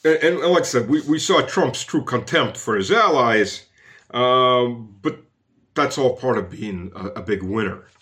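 Sardonic male commentator, mid-pitched, mocking, filler-heavy delivery. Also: a little slow, pushed and bright. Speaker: political commentator. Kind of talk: sarcastic commentary.

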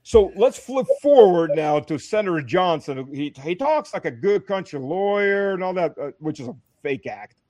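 Male guest, chatty and animated, lively sliding pitch, dry close sound, laughs a lot, frequent restarts. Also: normal speed, hardly any pauses, dry recording. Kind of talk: casual political chat.

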